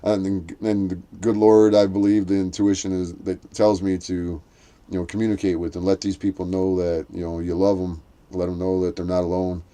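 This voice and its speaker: In a flat, mellow delivery at normal speed, a man tells a rambling story during casual chat, frequently starting over. He acts out quoted voices by lifting his pitch.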